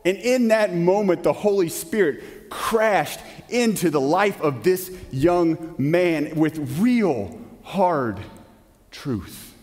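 Male pastor, sermon delivery, emphatic with sudden hushed drops, slightly high voice, long church reverb. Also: animated, slow. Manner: emphatic, with rhetorical questions and sudden drops to a hush. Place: church sanctuary.

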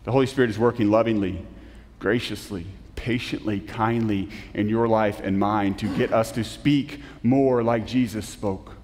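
A man preaching a sermon as pastor, earnest, with emphatic rises and soft, slow drops. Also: lowish voice, steady tone, a little hiss or hum. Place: church sanctuary. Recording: long reverb of a church hall.

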